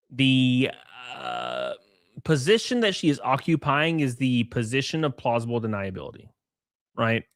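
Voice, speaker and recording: Male streamer with an Alabama drawl, mid-pitched, crude and rambling, dry close mic. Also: fairly bright tone, no echo. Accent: Alabama Southern. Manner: rambling, crude, joking asides. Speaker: streamer reading chat. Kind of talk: casual livestream commentary.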